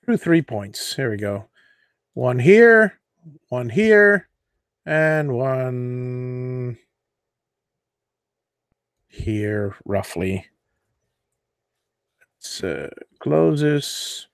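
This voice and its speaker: A man hosting a live CNC tutorial, walking viewers through design software while thinking aloud, with fillers and self-corrections. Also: mid-range voice, lively intonation, very slow, long pauses, smooth, dry recording, clean studio sound. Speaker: host of a CNC woodworking show.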